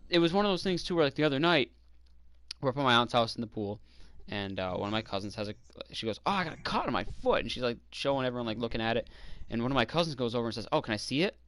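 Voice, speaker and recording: A man's voice: mid-range voice, smooth, no echo. A man in his twenties chatting casually while gaming, retelling a family argument and acting out his relatives' lines. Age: 20s. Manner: animated storytelling, acts out relatives' lines; swears freely, exasperated. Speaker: streamer.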